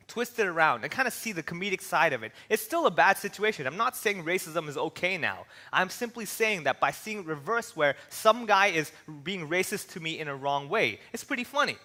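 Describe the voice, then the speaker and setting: A man from Hong Kong, a comedian giving an animated stand-up style talk on stage with a handheld mic, acting out little voices as he tells stories. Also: high-pitched, brisk. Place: large hall with an audience. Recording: long hall reverb.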